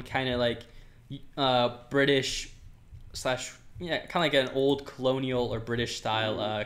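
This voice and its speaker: A man's voice: medium pitch, a bit bright. A man casually commenting while playing a building game, rambling, laughing often and talking to the animals on screen. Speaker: Minecraft let's player.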